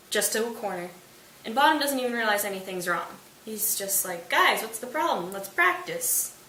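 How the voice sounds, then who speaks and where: A woman's voice: medium pitch, sharp tone. Chatty woman retelling a play. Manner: chatty, playful asides. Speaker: host. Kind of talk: casual plot explainer. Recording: roomy distant mic with hiss.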